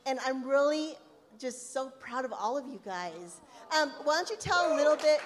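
A woman's voice: high-pitched, lively intonation, normal speed, over a noisy crowd. A woman hosting a live podcast, gushing and enthusiastic in casual chat. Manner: enthusiastic, gushing, Southern "y'all". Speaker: podcast host. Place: live event hall with audience. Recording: live hall with long reverb.

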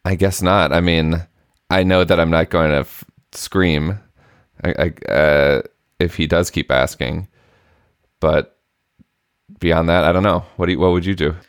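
A man's voice: deep voice, steady tone, measured pace, long pauses, clear, resonant tone, no echo, clean studio sound. A man co-hosting a parenting podcast, telling a story in an earnest, self-deprecating way. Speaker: podcast co-host. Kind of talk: casual chat.

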